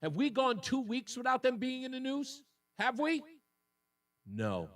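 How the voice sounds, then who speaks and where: A man's voice: very high-pitched, wildly swooping pitch, measured pace, recorded from a distance. A man hosting a talk radio show, delivering an indignant, emotional monologue that repeats points for emphasis.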